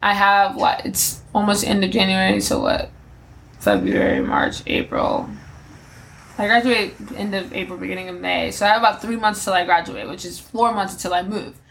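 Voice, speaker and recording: A woman's voice: medium pitch, sing-song, moderate pace, gravelly, a bit bright, slight background noise. A woman in her twenties hosting a solo podcast, talking candidly and rambling through her plans, with many fillers and restarts. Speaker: podcast host. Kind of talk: solo reflective podcast monologue.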